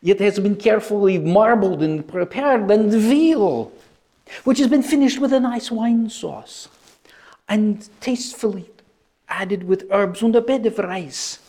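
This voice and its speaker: A man voicing a pompous male servant with a mock French accent, slowly and grandly announcing a fancy dinner. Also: high voice, mellow. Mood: grandly formal.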